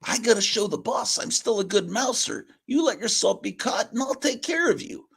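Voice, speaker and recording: Guy putting on a high whiny old alley cat, melodramatic and sniffly, comic-book reading. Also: lively intonation, moderate pace, vocal fry, fairly bright tone, breathy edge, heavily acted. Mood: scheming. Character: old washed-up male cat, weepy and pleading.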